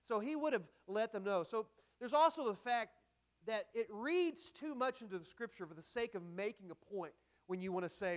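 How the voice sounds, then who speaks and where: A man with a notably high voice delivers a sermon from the pulpit. He talks in an easygoing, conversational way, dropping in asides. He punches up quoted lines with emphasis. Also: animated, moderate pace. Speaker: pastor.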